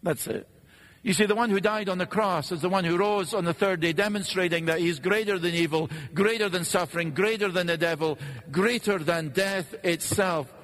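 A man preaching a sermon in an earnest, measured way, posing rhetorical questions and pausing for effect. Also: high-pitched, a bit bright. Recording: long reverb of a large hall.

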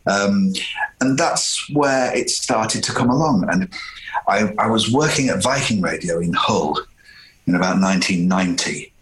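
A man's voice: on the low side, animated, unhurried, a bit bright, roomy sound, rough recording. A man in his fifties from northern England, a voice impressionist telling stories in a casual interview. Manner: chatty, anecdotal, hesitant restarts. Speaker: impressionist guest.

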